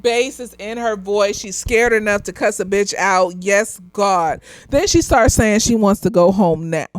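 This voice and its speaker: A woman's voice: mid-range voice, a little slow, no room sound. A young woman, slightly tipsy, recapping a movie in casual chat, swearing freely, laughing and acting out the characters. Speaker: movie reviewer.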